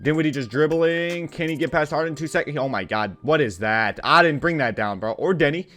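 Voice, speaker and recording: Playing a basketball video game, a gaming channel host offers casual play-by-play in a fairly high-pitched voice. He gets excited easily and frustrated just as fast, addressing the on-screen players directly with slang and curse words.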